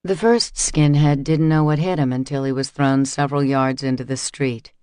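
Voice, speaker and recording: A man's voice: medium pitch, fairly even intonation, normal speed, darkish tone, smooth, no echo. Man narrating an audiobook, dry close sound. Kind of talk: scripted narration.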